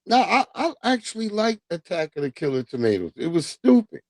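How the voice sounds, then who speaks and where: A man rambles through a casual livestream chat, swearing freely and chasing tangents. His voice sits a touch high, and the desk mic is close and dry with no room sound. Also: big pitch swings, a little fast, a little mellow, dry recording. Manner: rambling, profane, goes off on tangents. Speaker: livestream host.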